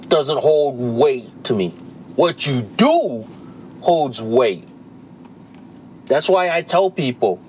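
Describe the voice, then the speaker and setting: A man in his forties delivers a solo podcast rant at an unhurried pace, circling back and repeating his points with blunt emphasis. The recording sounds dull and lo-fi, with faint background noise. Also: a little high. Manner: repetitive, emphatic, rambling, blunt with swearing. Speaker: podcast host. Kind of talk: solo opinion monologue.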